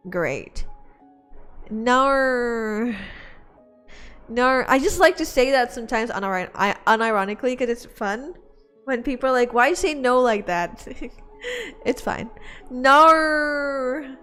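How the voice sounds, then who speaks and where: A woman streamer chatting casually with her viewers, giggling and rambling with lots of filler words. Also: fairly high pitch. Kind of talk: casual livestream chat.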